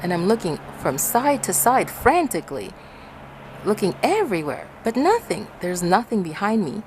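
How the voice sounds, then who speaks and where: Lively woman telling a story. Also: normal speed, slight background noise. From Ecuador. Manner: animated, acts out quotes in high shouts, laughs often. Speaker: vlogger. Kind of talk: casual storytelling to viewers.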